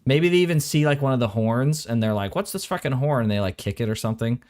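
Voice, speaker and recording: A relaxed man co-hosting a livestream from a home recording room, his voice sitting at an ordinary middle pitch. He rambles in a loose, casual way and swears without fuss. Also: fast talker. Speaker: co-host of an anime reaction stream. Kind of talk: casual chat.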